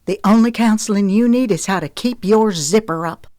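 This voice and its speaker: A woman voicing an angry, hurt young mother who snaps and shouts into the phone in an audiobook. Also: medium pitch, moderate pace, dry recording, pitched above the performer's own voice, close to an everyday voice. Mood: furious. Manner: sharp, heated, rising to shouts. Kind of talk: audiobook character voice.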